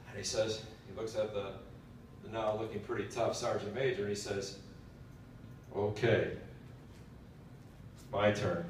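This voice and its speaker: A man's voice: lowish voice, flat delivery, moderate pace, a little hiss or hum. A man speaking at a military education session, telling a long joke in a folksy way and quizzing the audience. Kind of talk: storytelling lecture. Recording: echoey hall from far off.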